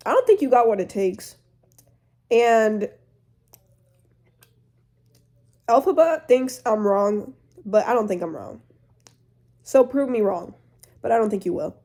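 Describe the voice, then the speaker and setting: A woman's voice: fairly high pitch, animated, a little slow, pauses often, dark tone. Teen girl as a cold, dismissive schoolmistress in a casual retelling. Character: stern dismissive older woman teacher.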